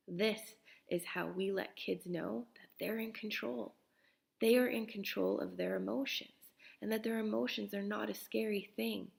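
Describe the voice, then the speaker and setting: A middle-aged woman, a parenting coach, talking earnestly to parents and dropping now and then into soft whispers. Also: mid-range voice, gravelly. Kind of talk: casual talk to parents.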